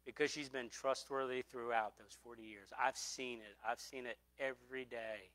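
A man's voice: medium pitch, fairly even intonation, moderate pace, fairly bright tone. A middle-aged man preaching a sermon, telling a personal testimony earnestly and repeating phrases for emphasis.

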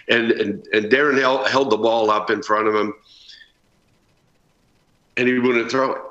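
A man's voice: on the low side, moderate pace, pauses often. Man, 60s, news guest storyteller; roomy remote audio. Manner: earnest, animated storytelling. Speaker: former ballplayer guest. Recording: roomy, dull remote feed.

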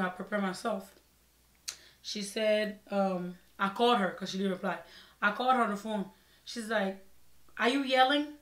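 A young woman vlogger telling a personal story in a casual, expressive way, acting out her own side of the conversations. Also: medium pitch. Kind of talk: storytime vlog. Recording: echoey room.

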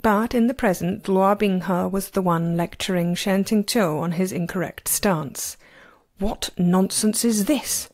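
A woman narrating a novel chapter as an amateur reader, with a steady, expressive delivery. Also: lowish voice, unhurried, few pauses. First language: not Chinese. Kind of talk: audiobook narration.

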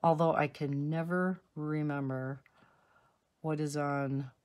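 Slow, chatty woman coloring at home. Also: low voice, steady tone, a little mellow. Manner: slow, chatty, rambling with asides. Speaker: coloring channel host. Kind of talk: casual color-along chat. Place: home, indoors.

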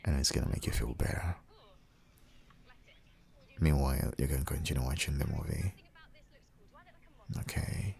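A man in a whispered role-play as a husband, talking in a soft, comforting and reassuring way. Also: rumbling low, unhurried, vocal fry, pauses often.

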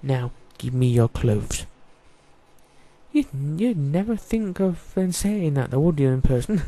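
Brief: man, let's-play host, fairly high voice, very dark and mellow tone, chatty and jokey. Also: animated, unhurried. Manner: chatty, joking, talks to game characters. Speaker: gaming YouTuber. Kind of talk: casual let's play commentary.

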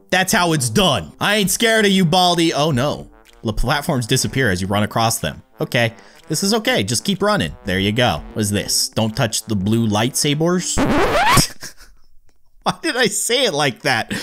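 A man giving excitable let's-play commentary as a gaming YouTuber, pleading with the game and cheering on a teammate. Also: medium pitch.

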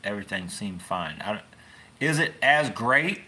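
His voice sits on the low side, expressive and bright with a forceful edge, at a moderate pace. He's a man running a fishing channel, chatting loosely into his phone in a rambling livestream with folksy, wry commentary.

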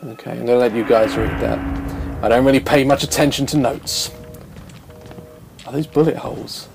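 A man's voice: mid-range voice, steady tone, normal speed, creaky, music in the background. A man commentating a horror game, jumpy, swearing a lot and laughing nervously. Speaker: gamer.

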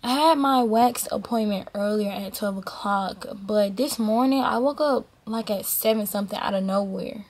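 A woman's voice: medium pitch, moderate pace, hardly any pauses, a little mellow. A young woman, chatting informally and directly to her viewers on a vlog, recorded on a camera mic. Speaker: vlogger. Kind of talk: casual vlog chat to camera.

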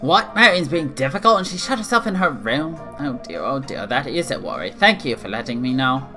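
A man playing a gentle old toy maker in a game, kindly and a little fussy. The voice is bright and clear-edged, sitting in a middle pitch. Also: big pitch swings, fairly quick, soft background music. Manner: kindly, fussing.

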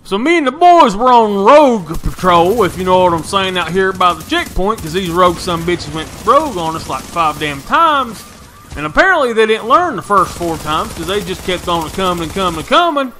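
A man's voice: high-pitched, animated, normal speed, sharp tone, a little hiss or hum. A young man, commentating a shooter game in brash, profane, folksy trash talk. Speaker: gaming YouTuber.

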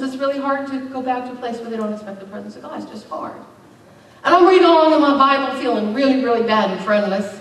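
In a church sanctuary, a middle-aged woman pastor preaches fast in a high voice with lively intonation, her conversational sermon broken by emphatic bursts. The recording is very echoey and distant.

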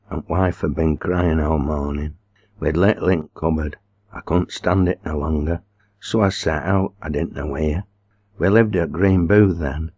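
A man reading as a little villager, solemn and earnest, deep low voice, slow broad dialect, storybook tale. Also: darkish tone.

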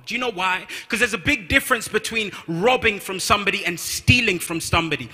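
A man with a London accent preaches in an emphatic, repeating style, his voice high and piercingly bright. Long reverb trails off the walls of a large church hall around him. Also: fairly quick, few pauses. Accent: London English. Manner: emphatic, repeats key phrases, reads scripture aloud. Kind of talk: sermon.

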